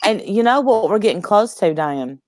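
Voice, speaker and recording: A woman's voice: mid-range voice, animated, moderate pace, a little mellow, no echo, clean studio sound. A woman in a casual livestream chat who jokes wryly and grumbles about her complaints. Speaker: co-host of a livestream chat show.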